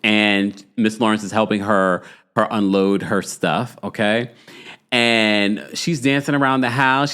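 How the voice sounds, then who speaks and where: Hosting a live reality TV recap stream, this man chats casually and reads out viewer comments. His voice sits on the low side, smooth and a little slow. He's chatty and animated, full of fillers and asides to his viewers.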